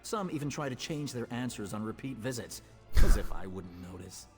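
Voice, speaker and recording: Picture a prim, self-important port clerk from a video game, voiced by a man. His pitch swings in a lively, fussy way as he talks. A long reverb trails each line. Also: moderate pace, faint music behind, lightly acted. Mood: exasperated. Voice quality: pompous, prim.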